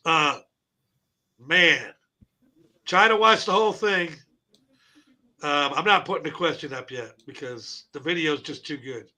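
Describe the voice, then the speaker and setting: A brash male talk-show host with a high, bright, ringing voice. He laughs and swears his way through casual chat.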